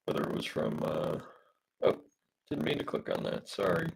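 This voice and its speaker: Hoarse, very raspy low-voiced man. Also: wildly swooping pitch, moderate pace, rough recording. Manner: rambling, hesitant, many fillers, reads out viewer comments. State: losing his voice from smoke. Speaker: comic artist streaming a live drawing session. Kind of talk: casual live-stream chat while drawing.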